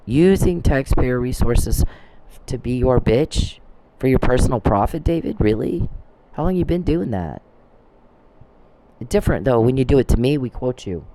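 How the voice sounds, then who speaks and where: A man delivers a rambling, profane monologue, calling people out by name. His voice sits dark and mellow at a middle pitch. He drifts into retelling conversations with quoted lines. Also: a little hiss or hum. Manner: profane, accusatory, addresses people directly; storytelling with quoted back-and-forth. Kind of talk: rambling recorded rant.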